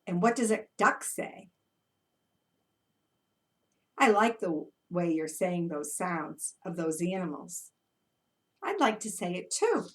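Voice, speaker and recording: A woman who is an early childhood educator, leading a children's story time with movement in an animated, encouraging way for toddlers. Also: on the low side, slow pace, pauses often, distant mic.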